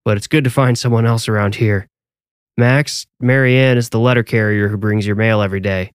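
A man voicing a blind adult man who is steady and protective, talking in a plain, gruff, reassuring way. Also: lowish voice, fairly quick, no room sound, studio quality, natural voice.

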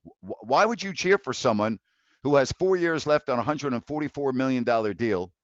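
A man's voice: medium pitch, no room sound. A man in his fifties hosting a live call-in sports talk show, ranting bluntly with laughs of disbelief and many restarts. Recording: dry, dull lo-fi mic.

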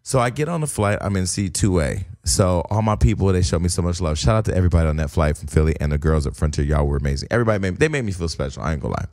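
Male podcast host, low voice, lively storyteller who acts out the other voices. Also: rapid-fire, hardly any pauses. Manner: animated, acts out quoted voices, laughs while telling. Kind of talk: casual storytelling chat.

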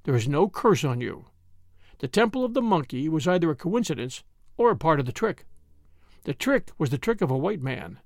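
A man voicing a mild, vague, gently wry priest detective in a dry audiobook reading, quiet and grave by turns. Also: on the high side, very animated, normal speed, no echo.

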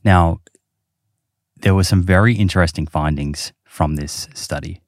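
A man's voice: deep voice, unhurried, no room sound, studio quality. A man hosting a podcast, explaining research casually with many fillers. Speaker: podcast host. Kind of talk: casual chat.

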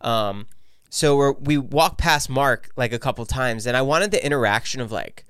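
A man co-hosting a podcast, telling a long animated story in casual chat, full of "like" asides. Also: mid-range voice, moderate pace, smooth, no room sound, studio quality. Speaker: podcast co-host.

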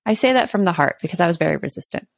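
A woman's voice: lowish voice, animated, rapid-fire, creaky, no echo, studio quality. A woman co-hosting a casual parenting chat, earnestly explaining tips and laughing easily. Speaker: podcast co-host.

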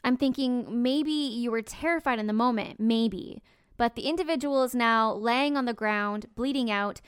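A woman's voice: fairly high pitch, clear, resonant tone, no echo, studio quality. A woman hosting a podcast, narrating a true crime story conversationally with personal asides. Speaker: podcast host.

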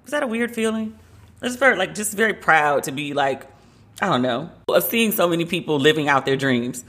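A woman's voice: sits low, lively intonation, fairly quick, a bit bright. A woman hosting a casual solo podcast from her home loft, chatty and gushing, with a lot of filler "like". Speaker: podcast host.

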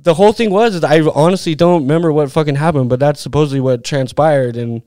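A man in his forties tells a story loosely, swearing freely and leaning hard on "like" and "dude". His voice sits a bit high for a man and sounds smooth and resonant. The sound is dry and close, with no room around it. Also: fast, mellow, no echo. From Utah, USA. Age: 40s. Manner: rambling, profane, full of "like" and "dude". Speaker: podcast guest. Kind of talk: casual storytelling.

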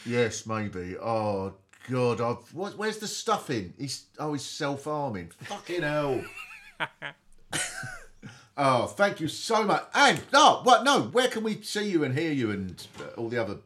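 A man's voice: mid-range voice, sing-song, a little slow, a bit bright, a little hiss or hum. A middle-aged man hosting a comedy podcast in a theatrical, mock-grand way. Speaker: podcast host.

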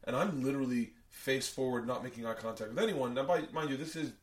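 A man hosting a podcast, telling a long story in casual chat, animated and full of profanity. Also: medium pitch, fast, echoey room, far from the mic. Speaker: podcast host and comedian.

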